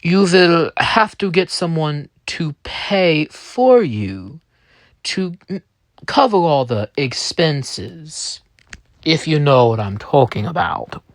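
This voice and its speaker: A man's voice: on the high side, very animated, takes it slowly, no room sound, voice pushed up, exaggerated voice. A man voicing a smug, menacing male company lawyer with a German accent who makes veiled threats.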